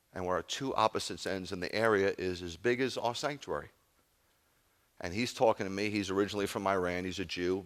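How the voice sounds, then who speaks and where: A middle-aged man, a rabbi, giving a sermon with emphatic, intense storytelling. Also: low-pitched.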